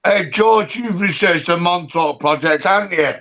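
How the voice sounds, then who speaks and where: A man talks loudly and excitably as a caller on a live stream, swearing as he goes. His voice sits fairly high and comes across bright and pushy. The audio is dull and lo-fi, like a stream call. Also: moderate pace. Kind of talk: rambling casual chat.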